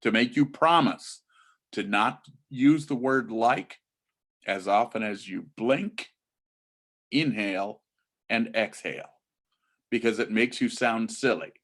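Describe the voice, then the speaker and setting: A man's voice: medium pitch, unhurried, a bit bright. A middle-aged man, a college admissions advisor, giving students practical interview advice, stretching out key words for emphasis. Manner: mimics bored and gushing teen voices. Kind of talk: instructional talk to students.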